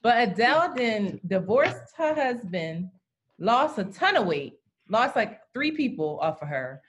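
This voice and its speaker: A woman co-hosting a podcast in casual chat, blunt and animated, swearing freely and going off on asides. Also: on the high side, a little slow, breathy edge. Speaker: podcast co-host.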